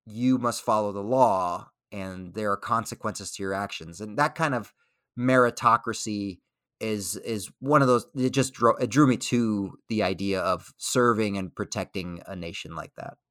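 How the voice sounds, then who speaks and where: A man speaking as a guest in an interview, thoughtful and measured, pausing to restart his sentences as he works through ideas. The sound is dry and close. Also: on the low side, fairly bright tone, clear, resonant tone, no echo. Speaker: guest comedian and military veteran. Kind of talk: casual interview.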